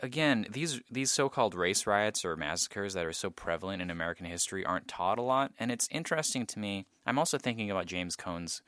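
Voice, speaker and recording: A man co-hosting a podcast, talking thoughtfully with many pauses and ums. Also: on the low side, expressive, a bit bright, smooth, no room sound, clean studio sound. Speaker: podcast co-host. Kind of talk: casual discussion.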